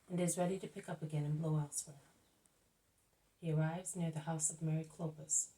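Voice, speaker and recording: A woman reading a spiritual book aloud, calm and measured, as the channel's reader. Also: sits low, distant mic, rough recording. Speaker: audiobook reader.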